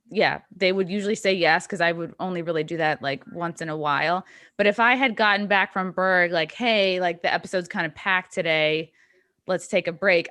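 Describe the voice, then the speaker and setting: A woman's voice: lowish voice, pushed and bright, dry recording. A woman speaking as a podcast guest, thoughtful and hedging with fillers in casual chat.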